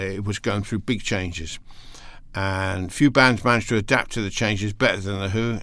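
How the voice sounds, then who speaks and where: A man's voice: lowish voice, fairly bright tone, no room sound. A man presenting a casual music show, hesitant and rambling, losing his place in his notes and reading facts out between asides. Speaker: radio presenter.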